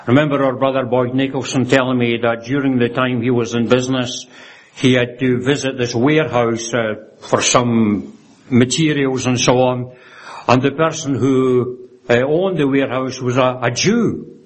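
Guy preaching a sermon, earnest, kinda halting, keeps saying isn't it, mid pitch voice. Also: steady tone. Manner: earnest, often ends points with "isn't it?" and quotes scripture reverently; stumbles and restarts phrases.

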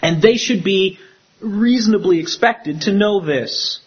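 A man, a pastor, preaching a sermon in an animated way and acting out the quotes he tells. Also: high-pitched, a little slow, husky, highs cut off.

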